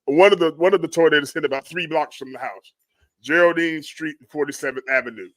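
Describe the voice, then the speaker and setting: A man from Florida hosts a livestream, his voice set a touch high and recorded dry and close. He murmurs and hums between prayerful exclamations while he walks through pictures of storm damage. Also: fairly quick, a bit bright, dry recording. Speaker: livestream host. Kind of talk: live commentary on storm damage photos.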